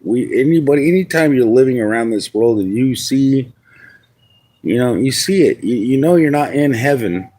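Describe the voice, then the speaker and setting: Livestreamer, man from New York, lowish voice, rambling and profane, talks straight to chat. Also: darkish tone. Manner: rambling, frequent restarts and swearing, chats to viewers. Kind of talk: casual live stream rant.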